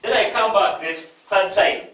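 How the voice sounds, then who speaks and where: A man from East Africa telling an inspirational story to a live audience, repeating his phrases and questioning listeners. His voice sits fairly high for a man. He sounds distant from the mic in a very echoey hall with faint background noise. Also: unhurried, pushed and bright. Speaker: inspirational speaker.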